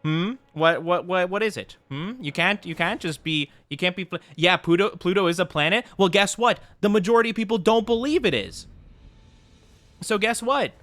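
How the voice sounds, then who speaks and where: A man's voice: sits high, lively intonation, normal speed, a bit bright, no room sound, soft background music. A young man streaming a video game, chatting casually with his viewers and teasing them in a playfully mock-indignant way.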